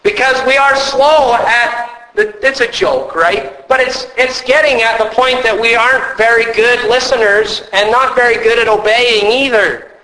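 A male pastor giving a sermon, earnest and measured, with occasional storytelling asides. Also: very high-pitched, sharp tone, rough recording.

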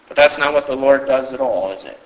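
In an echoey hall with long reverb, a male pastor preaches a sermon earnestly and emphatically, posing rhetorical questions. His voice is medium in pitch and a little fast.

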